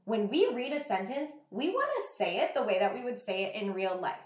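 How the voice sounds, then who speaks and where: A woman teacher giving an online reading lesson to young children, sounding out words slowly and praising the class. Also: mid-range voice, big pitch swings, roomy sound. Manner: slow, exaggerated sounding out of words. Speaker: kindergarten teacher.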